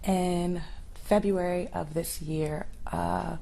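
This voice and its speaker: A woman interviewee with a low, flat voice speaks haltingly and fills her pauses with hesitation. She sounds emotional and close to tears, recorded inside a home with a faint hiss behind her. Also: gravelly. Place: inside a home, near a door.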